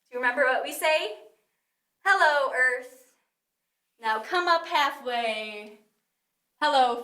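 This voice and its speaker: A woman with a high, bright voice guides toddlers through a yoga class. She talks slowly, in a cheerful sing-song. Her voice rings in an echoey room. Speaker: kids yoga instructor.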